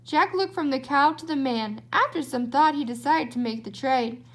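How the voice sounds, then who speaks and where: High-voiced woman reading a storybook aloud. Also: normal speed. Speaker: storybook reader. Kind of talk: reading a children's book aloud.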